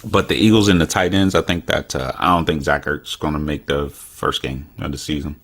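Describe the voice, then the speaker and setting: A man's voice: extremely low pitch, brisk, a bit bright. A man co-hosting a casual sports talk podcast, rambling with frequent fillers and restarts. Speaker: podcast co-host.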